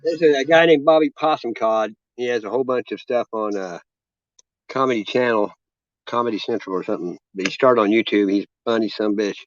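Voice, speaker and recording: A man's voice: fairly low pitch, a little fast, dry recording. Laid-back rambling man, dull sound. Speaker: host. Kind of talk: casual chat while drinking.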